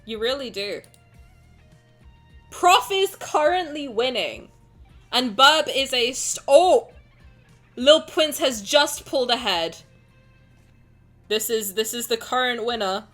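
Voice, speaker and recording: A woman streamer chatting casually with her viewers, excitable and gushing, swearing freely. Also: a little high, slow pace, long pauses, faint music behind. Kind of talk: casual livestream chat.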